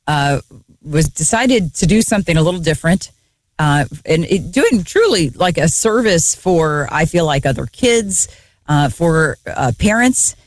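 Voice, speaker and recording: A woman's voice: low-pitched, very animated, a little slow, no echo. A woman co-hosting a radio show, chatting casually and searching for words with lots of fillers.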